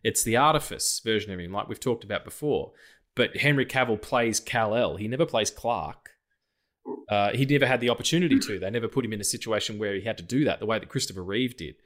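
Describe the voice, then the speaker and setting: A man co-hosting a film podcast, casual and sweary, joking and bursting into loud outcries. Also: on the low side, quick pace. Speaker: podcast co-host.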